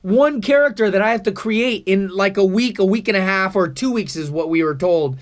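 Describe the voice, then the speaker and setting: This vlogger's voice sits high and moves at a normal speed. He rambles earnestly to camera about his acting class, coughing from allergies along the way.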